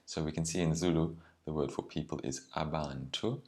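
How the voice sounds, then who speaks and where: A male language teacher explains words and grammar step by step. He talks carefully, pausing with ums and slowing down on key terms. His voice sits extremely low. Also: steady tone, darkish tone.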